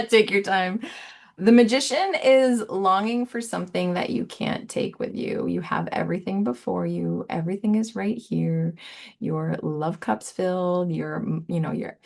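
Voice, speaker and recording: Woman, tarot reader, low-ish voice, soft, giggly, rambling, playful repeats. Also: measured pace, creaky. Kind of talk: casual spiritual tarot reading.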